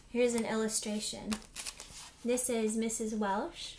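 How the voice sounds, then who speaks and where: A woman teacher reading a chapter book aloud to her class in an expressive storytelling manner. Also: fairly high pitch, slow pace, a little hiss or hum.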